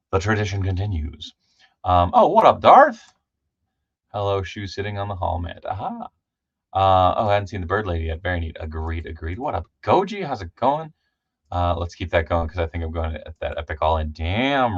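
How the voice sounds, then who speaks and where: A man hosting a casual live stream, chatty and loose, shouting out viewers by name with lots of ums. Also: low voice, no echo, lo-fi sound. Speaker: livestream host.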